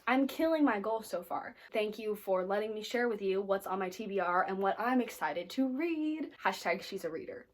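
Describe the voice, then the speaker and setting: Brief: American woman, book vlogger, chatty and snarky, mid-pitched voice. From United States. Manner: chatty, lots of "like" fillers, playfully snarky. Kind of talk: casual reading wrap-up chat.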